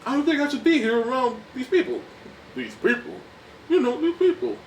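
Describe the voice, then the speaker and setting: A man's voice: wildly swooping pitch, moderate pace, reverberant, far from the mic, a little hiss or hum, exaggerated voice, low-quality recording. A man voicing a crude, blustering middle-aged hanger-on with a whiny, complaining manner. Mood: grumbling. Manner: whiny, complaining, high-pitched.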